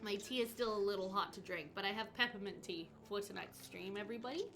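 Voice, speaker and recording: A woman streaming a game live, chatting with her viewers, reading their comments aloud and reacting with bright exclamations. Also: medium pitch, fast, noisy background. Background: game music.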